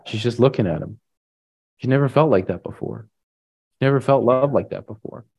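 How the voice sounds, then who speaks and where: A man's voice: medium pitch, normal speed, gravelly, a little mellow, slightly rough. A man preaching a sermon, retelling a story in a casual way with lots of "like" and "right?". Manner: casual, filler-heavy retelling with frequent "like" and "right?".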